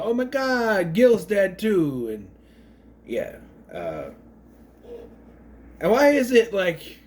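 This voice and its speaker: A man talks through a movie in a loose, rambling recap, drifting into side stories and slipping into quick impressions of the characters. His voice sits a little high and swings widely up and down. It sounds like an off-the-cuff chat. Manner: rambling, goes off on tangents; mimics characters' voices mid-story. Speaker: movie reviewer.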